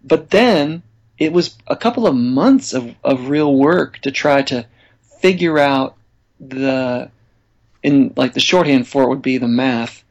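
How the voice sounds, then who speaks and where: A man being interviewed as a songwriter guest, talking in a relaxed, chatty way and laughing easily. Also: medium pitch, unhurried, highs cut off. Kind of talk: casual interview chat.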